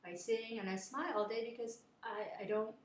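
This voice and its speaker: A man's voice: high-pitched, fairly even intonation, normal speed, a little hiss or hum, close to an everyday voice. Humble, happy servant, earnest and content, as a woman telling the story puts him on; plain voice, echoey room. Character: cheerful humble adult male servant.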